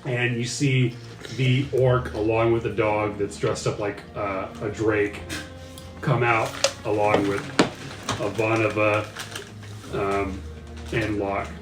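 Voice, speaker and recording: A man narrating a tabletop game as game master, often jumping into shrill comic voices for the figures. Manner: animated, jumps into shrill comic voices for the cast. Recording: echoey room, far from the mic, faint music.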